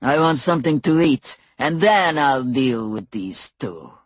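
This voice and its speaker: A hulking, brutal mob boss, voiced by a woman narrator growls his threats slowly and heavily. The low voice sits close and dry, with a slightly muffled audiobook sound. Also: expressive, no room sound, heavily acted. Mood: menacing. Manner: slow, heavy menace.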